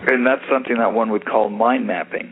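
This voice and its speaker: A man's voice: mid-range voice, steady tone, brisk. Conversational male host, tinny line. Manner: conversational, affirming. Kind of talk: hosting a panel discussion. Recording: tinny phone-like sound with faint hiss.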